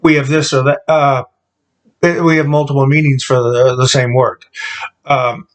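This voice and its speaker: A man delivering a deadpan comedic monologue, halting and full of ums and restarts. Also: medium pitch, low-quality recording.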